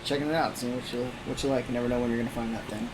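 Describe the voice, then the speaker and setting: A man's voice: medium pitch, steady tone, very fast. A man co-hosting a podcast, chatting casually about beer with an easygoing manner and dry jokes. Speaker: podcast co-host. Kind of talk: casual chat while tasting beer. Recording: noisy room with air conditioner hum.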